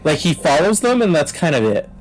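A man's voice: fairly high pitch, big pitch swings, fairly quick, soft background music, low-quality recording. Rambling young-sounding man chatting casually. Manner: rambling, full of "like", laughs while retelling scenes. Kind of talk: casual chat.

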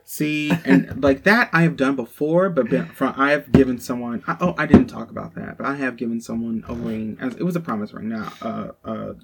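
A man's voice: mid-range voice, normal speed, vocal fry, hardly any pauses, over a noisy crowd. A young man with a Southern accent telling a personal story to his co-host in a frank, profane, casual way, full of "like". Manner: frank, profane, heavy use of "like". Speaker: podcast co-host.

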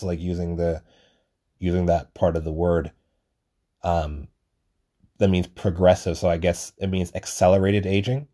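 A young man hosts a podcast alone, rambling casually, swearing a lot and making jokes at his own expense. His voice is low-pitched and dark in tone.

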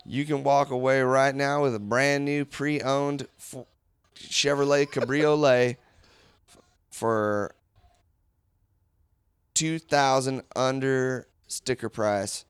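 A man voicing a washed-up former football player pitching cars in a halting, folksy ad read. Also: fairly even intonation, clean tone, no echo, lightly acted. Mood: salesy. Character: washed-up ex-football player turned car salesman.

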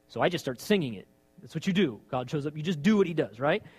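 A man's voice: on the high side, fast talker, breathy edge. A man preaching a sermon in a conversational way, asking rhetorical questions and acting out lines of dialogue. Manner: animated, acts out his own and God's lines.

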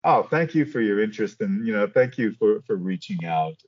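An older man, a guest actor, telling stories from his career in an animated way and acting out the quotes. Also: lowish voice, fairly quick, highs cut off. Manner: animated storyteller, acts out quotes. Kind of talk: casual storytelling interview.

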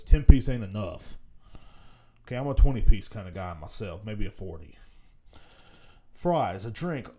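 A man's voice: lowish voice, animated, measured pace, pauses often, mellow, faint music behind. A man in his thirties hosting a podcast, ranting casually and profanely, rambling and laughing at his own jokes. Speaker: podcast host. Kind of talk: casual solo rant.

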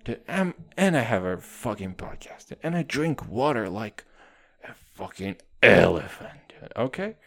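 A young man in his twenties riffs alone on his podcast, loose and profane, tossing "dude" into almost every phrase. His voice swings widely up and down in pitch as he rambles, animated and unguarded. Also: measured pace, gravelly. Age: 20s. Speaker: podcast host. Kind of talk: casual podcast monologue.

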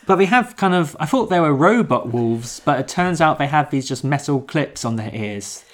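A podcast co-host with a mid-range voice, talking through a film in relaxed conversation. The delivery is wry and joking, with asides and frequent laughs. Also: medium pitch, normal speed. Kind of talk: casual chat reviewing a film.

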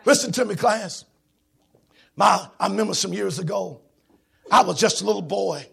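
A man preaching a sermon in a church, shouting in a sing-song preaching cadence with a raspy voice. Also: high-pitched, normal speed.

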